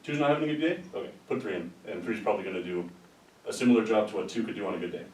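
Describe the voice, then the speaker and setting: Low-voiced man rambling through a lecture. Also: rapid-fire, darkish tone. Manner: rambling, conversational, with restarts and asides. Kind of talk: informal lecture. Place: lecture room. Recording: roomy sound from a distant mic with faint rumble.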